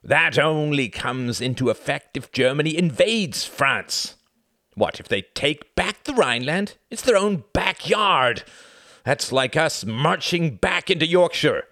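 A man voicing a contemptuous British official who shouts and curses, in an audiobook reading. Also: deep voice, very animated, vocal fry, no room sound, clean studio sound, heavily acted. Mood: enraged. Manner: shouting, cursing, drawn-out.

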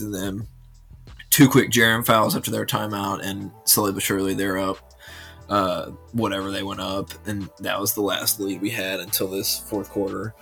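A man co-hosting a casual sports podcast, rambling and animated as he retells watching a game. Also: fairly low pitch, moderate pace, vocal fry, soft background music. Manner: rambling, animated, many fillers and restarts. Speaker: podcast co-host.

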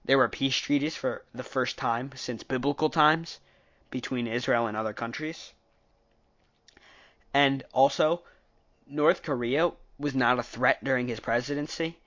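A man's voice: medium pitch, unhurried, a bit bright, lo-fi sound. A man giving a casual, opinionated recap of a political debate, rambling and often correcting himself mid-sentence. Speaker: political commentator.

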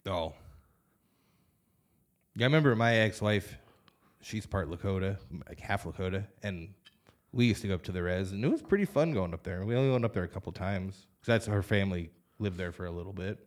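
A man in a relaxed podcast conversation, easygoing and chatty with frequent fillers. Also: deep voice, a little fast. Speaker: podcast co-host. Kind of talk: casual chat.

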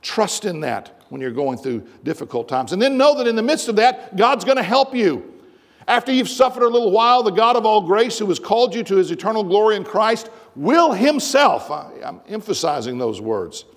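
A man's voice: sits high, sing-song, brisk, long reverb tail. A man preaching a sermon as pastor, emphatic and full of rhetorical questions. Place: church sanctuary.

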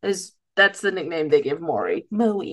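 Bright-voiced woman recapping, rambling. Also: lowish voice, big pitch swings, normal speed. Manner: rambling, giggly, loses her place. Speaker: podcast co-host. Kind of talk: casual episode recap.

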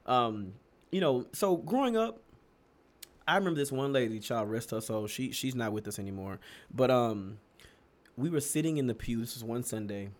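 A young man from Texas telling stories in a casual chat, animated and laughing often, his pitch leaping up for emphasis. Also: normal speed. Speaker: podcast co-host.

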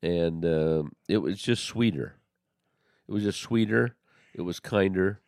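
Earnest and halting, a male co-host of a religious podcast keeps restarting his sentences during a casual discussion. He has a low voice with a darkish tone, captured in a dry, studio-quality recording.

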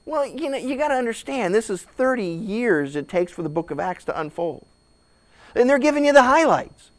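A male pastor preaching a sermon dramatically, swinging from hushed tones to shouts and often repeating words as he starts sentences. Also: high voice, big pitch swings, fairly quick.

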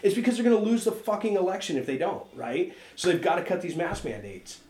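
An emphatic American man arguing his point in casual chat, often repeating himself and stumbling over words. His voice is fairly high for a man and rings in an echoey room. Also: sing-song, fast talker, a little mellow.

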